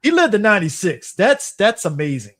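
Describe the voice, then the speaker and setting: A man's voice: high voice, huge pitch swings, fairly quick, fairly bright tone, no room sound. A man co-hosting a podcast in casual chat, blunt and profane, laughing and cutting in often. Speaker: podcast co-host.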